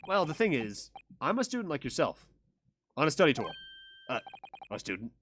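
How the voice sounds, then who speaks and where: A man's voice: a little high, sing-song, moderate pace, fairly bright tone, a little hiss or hum. A man reading a hesitant young lawyer. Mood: earnest. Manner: hesitant, earnest. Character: earnest young male lawyer, unsure.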